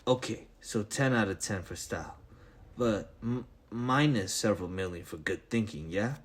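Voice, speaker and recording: A man playing a brash, conceited male space captain who complains about everything. The voice is low, and the griping comes across as irritable and impatient. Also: lively intonation, moderate pace, husky.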